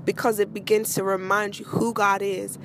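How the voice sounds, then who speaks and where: A woman's voice: mid-range voice, flat delivery, moderate pace, a bit bright, a little hiss or hum. A woman hosting a personal faith podcast, speaking candidly and emotionally in a conversational way. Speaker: podcast host.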